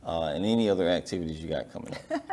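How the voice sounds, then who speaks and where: A podcast host with a deep voice runs a business interview show, reflecting on and affirming what his guest just said. He talks very fast, offering affirming murmurs, reflective remarks, and some gentle teasing.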